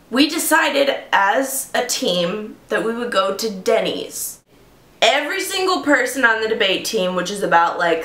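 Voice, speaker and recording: A woman vlogger telling a story to camera in a dramatic, animated way. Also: medium pitch. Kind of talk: storytime vlog. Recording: echoey room.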